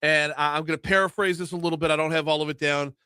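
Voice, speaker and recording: A man hosting a talk radio show, rambling and animated in casual banter. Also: a little high, quick pace, smooth, dry recording. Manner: rambling, animated, self-interrupting. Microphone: studio mic.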